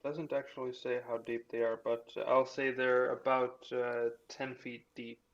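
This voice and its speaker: A man running a tabletop game at a leisurely, drawn-out pace. He fills gaps with "uh" and chuckles now and then as he narrates what the monsters do. His pitch sits at an ordinary middle for a man. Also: level tone, lo-fi sound. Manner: unhurried, with frequent fillers and chuckles. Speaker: game master.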